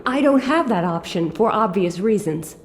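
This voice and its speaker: An actress voicing a sharp-tongued young woman held captive in a video game, speaking in a sarcastic, teasing way. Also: mid-range voice, lively intonation, normal speed, slight background noise, close to an everyday voice.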